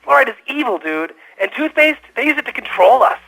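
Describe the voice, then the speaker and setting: A man's voice: very high-pitched, sing-song, brisk, creaky, sharp tone, exaggerated voice, rough recording. An actor voicing a paranoid, erratic male caller who rants about conspiracies and snaps at the host.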